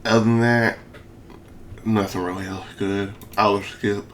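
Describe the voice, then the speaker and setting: On the low side and fairly bright, a young man's flat delivery runs a little slow as he talks over gameplay for his gaming videos, with slight background noise. The commentary is casual, hyped and slangy, slurred with a lisp and full of repeated phrases.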